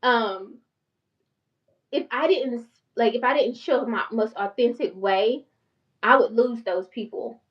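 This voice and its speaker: A woman in her forties with a country North Carolina accent, talking fast and passionately to her viewers in a casual vlog. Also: a little high, recorded from a distance, lo-fi sound. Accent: Southern US, North Carolina country. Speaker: channel host and therapist.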